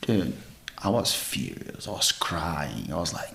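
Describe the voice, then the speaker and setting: A man's voice: low-pitched, very animated, measured pace, gravelly, fairly bright tone. A man in his forties, a jiu-jitsu champion guest in a casual interview, telling stories earnestly with non-native English phrasing. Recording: roomy echo.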